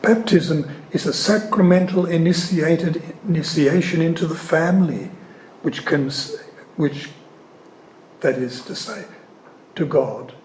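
A man giving an earnest, emphatic sermon-style teaching on scripture. He leans hard on key words and pauses often. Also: on the high side, a little mellow, a little hiss or hum. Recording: echoey room.

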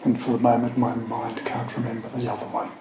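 A man with a mid-range voice and little pitch movement preaches slowly, unpacking words step by step with word studies and occasional asides. There's reverb and a noisy background.

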